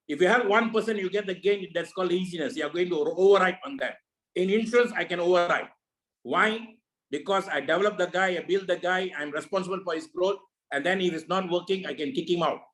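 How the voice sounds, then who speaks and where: Man, high-pitched, motivational talk, preachy, rhetorical questions, video call. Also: a bit bright, rough recording. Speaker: network marketing leader.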